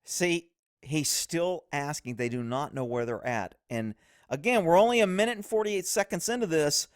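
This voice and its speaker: Man, higher-pitched voice, casual video commentary, blunt and profane, dry close mic. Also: moderate pace, no room sound. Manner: blunt, profane, laughs easily.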